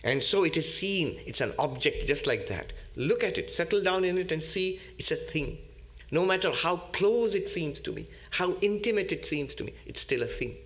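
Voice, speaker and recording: Deliberate teacherly monk, fairly high voice. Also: male voice, lively intonation, a bit bright. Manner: deliberate, teacherly, repeats key terms. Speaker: monk giving a spiritual talk. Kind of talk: spiritual lecture.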